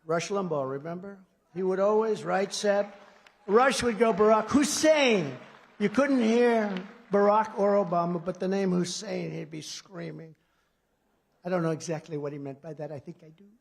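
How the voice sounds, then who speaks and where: A man in his seventies from the United States giving a rambling, sarcastic off-script speech at a political conference, jumping between loud punchlines and quiet asides. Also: normal speed, creaky. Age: 70s. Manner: sarcastic, digressive, swings between loud emphasis and low asides. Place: large conference hall before an audience.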